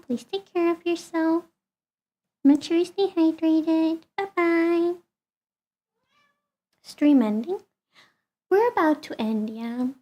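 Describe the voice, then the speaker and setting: High-voiced chatty woman streamer. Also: highs cut off. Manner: chatty, talks fondly to her cat. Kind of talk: casual chat with viewers.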